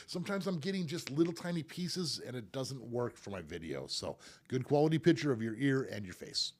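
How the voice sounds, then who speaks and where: A man's voice: mid-range voice, darkish tone. A middle-aged man, a professional piercer, hosting a live stream and answering viewer questions in a friendly, rambling way. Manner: friendly, rambling advice with repeated words. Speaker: professional piercer and show host.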